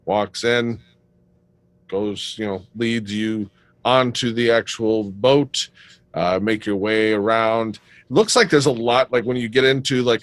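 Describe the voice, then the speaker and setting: A man's voice: fairly low pitch, dry recording. A man narrating as game master, in a loose, rambling way with lots of fillers.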